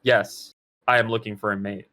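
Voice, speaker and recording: A man voicing a stiff, emotionless man looking for a mate, speaking in a flat monotone. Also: lowish voice, normal speed, voice pushed down. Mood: deadpan. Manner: stiff, monotone, deadpan delivery.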